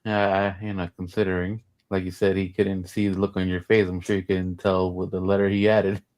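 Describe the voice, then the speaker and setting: A man's voice: low-pitched, level tone, fairly quick, a little mellow. A man co-hosting a livestream, thinking aloud and musing in casual chat. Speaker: livestream co-host.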